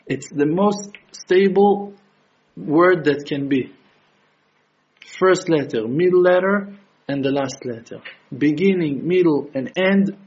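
Gravelly, husky male preacher; impassioned sermon, muffled lo-fi sound. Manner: impassioned, builds to high emphatic peaks. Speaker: religious teacher. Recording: dull lo-fi recording.

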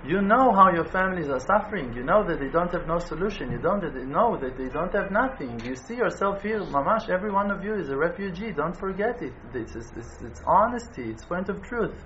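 Fervent high-voiced man pleading. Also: expressive, a little fast, few pauses. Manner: fervent, pleading, repeats phrases, swings from loud urging to quiet near-tearful. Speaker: community speaker making an appeal. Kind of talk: impassioned appeal. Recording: dull lo-fi with faint noise.

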